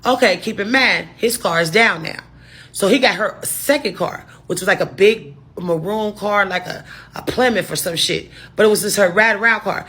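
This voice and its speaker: A woman's voice: medium pitch, moderate pace, sharp tone, husky. A woman telling a casual storytime to her viewers, rambling through restarts and asides and swearing freely. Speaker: storytime vlogger.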